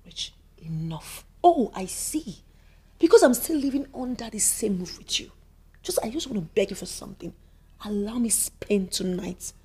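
A woman's voice: mid-range voice, animated, normal speed, warm tone, lightly acted. A woman playing a spoiled, fiery wife who scolds and makes demands of her husband in a Nollywood movie. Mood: angry.

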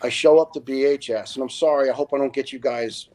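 A man's voice: mid-range voice, fast talker. Blunt, earnest storytelling middle-aged man. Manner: animated, acts out quoted dialogue. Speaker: retired fire lieutenant, podcast guest. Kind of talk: emotional first-person storytelling on a podcast.

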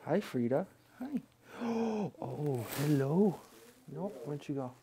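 A man's voice: on the high side, animated, measured pace, mellow. Young man cooing at shelter pets. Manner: playful, laughing, cooing at animals. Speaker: pro hockey player. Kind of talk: casual chat while petting shelter animals. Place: animal shelter. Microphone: lapel mic.

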